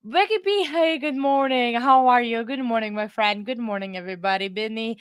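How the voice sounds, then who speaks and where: A woman's voice: a little high, normal speed, clean tone, dry recording. Woman rambling to her stream viewers from home, laughs a lot, dry sound. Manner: chatty, laughs often, rambling. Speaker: livestream host. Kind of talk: casual livestream chat.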